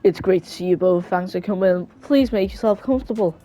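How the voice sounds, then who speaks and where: A woman's voice: mid-range voice, a little fast, warm tone, faint music behind, natural voice, rough recording. A woman voicing stiff, formal football officials in a contract talk, in a weird put-on voice. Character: stiff formal club official and player agent.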